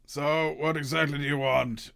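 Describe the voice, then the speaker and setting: A man's voice: fairly high pitch, fairly even intonation, normal speed, creaky, crowd noise. A man narrating a tabletop game as game master, rambling with lots of fillers.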